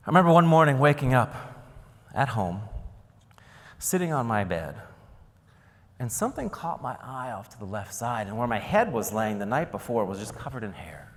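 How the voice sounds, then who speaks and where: A man from Ohio giving a keynote speech, telling stories with jokes and acting out the scenes. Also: lowish voice. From Ohio, United States. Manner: animated, joking storyteller acting out scenes. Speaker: keynote speaker. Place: large conference hall. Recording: long reverb of a large hall.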